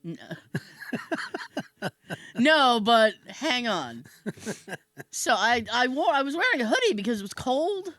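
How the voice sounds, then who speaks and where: A woman podcast host tells a comic story at an easy, unhurried pace. Her voice climbs and dips with every beat, and she breaks into laughter often. The sound is close and dry, with no room in it. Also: a little high, sing-song, fairly bright tone, no room sound. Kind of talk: casual comedic storytelling.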